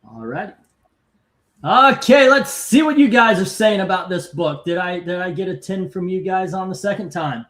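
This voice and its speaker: A man with a somewhat high voice hosts a relaxed live stream, talking in a chatty way. He reads out viewer comments and scores as he goes. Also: normal speed. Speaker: host of a live comic-cover ranking stream. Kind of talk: casual live-stream chat.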